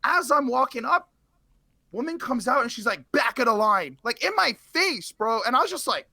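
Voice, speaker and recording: A man, a guest in a casual interview, telling a story in an animated, slangy way with swearing. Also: very high voice, normal speed, vocal fry, dry recording.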